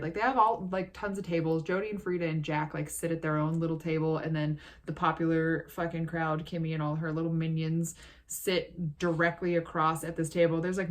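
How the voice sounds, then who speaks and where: A young woman vlogger recapping a movie in a casual, sarcastic, profanity-laced ramble. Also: sits low.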